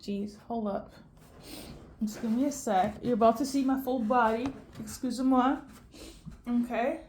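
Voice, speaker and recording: A woman's voice: on the high side, moderate pace, a little mellow, a little hiss or hum. A tearful woman giving an intuitive tarot reading to camera, emotional and tagging "okay?" onto her lines. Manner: emotional, repeats "okay?" often. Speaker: tarot reader.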